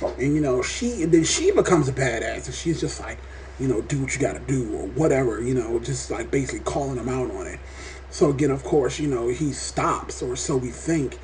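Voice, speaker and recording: A man reviewing a TV episode in a casual vlog, talking in an animated, rambling way and swearing often. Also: mid-range voice, normal speed, slight background noise. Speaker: TV show reviewer.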